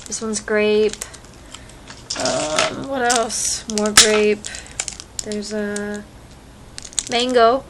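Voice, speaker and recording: Talking extremely slowly with long pauses, a young vlogger in a mid-range, level voice chats from home, where she has a cat. Her allergies are bothering her and her eyes itch as she rambles on. It's shot on a phone camera with a noisy background.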